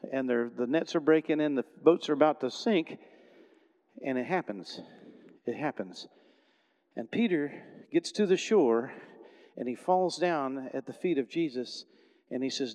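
A middle-aged man preaching a sermon in a conversational storytelling way, often restarting sentences and swinging between loud and soft. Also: fairly high pitch, in a large hall. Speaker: pastor.

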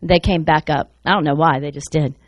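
A woman preacher telling a story in a sermon, animated and acting out the voices of the people in it. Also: low-pitched, fairly quick, no room sound. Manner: animated, acts out voices in her stories.

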